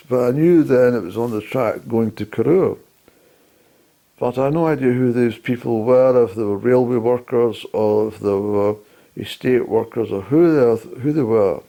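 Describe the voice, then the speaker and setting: A man telling a personal story about a journey to camera, in a halting, rambling way with mild swearing. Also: mid-range voice, mellow. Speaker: hillwalker recounting a journey.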